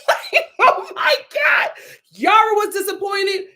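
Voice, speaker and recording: A woman's voice: extremely high pitch, slow pace, shouting. A woman, casually and expressively reviewing a reality TV episode. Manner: animated, expressive, breaks into laughter and quoted voices.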